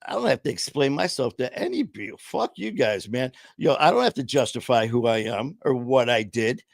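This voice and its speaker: A man's voice: mid-range voice, lively intonation, a little fast, creaky, no echo, studio quality. Blunt profane man telling his story. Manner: blunt, profane, acts out dialogue. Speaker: podcast guest. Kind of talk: candid storytelling interview.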